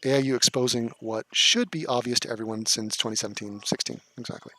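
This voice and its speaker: A man's voice: medium pitch, fairly even intonation, fast talker, sharp tone. Sarcastic, profane male streamer. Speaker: streamer reacting to clips. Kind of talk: casual live-stream commentary.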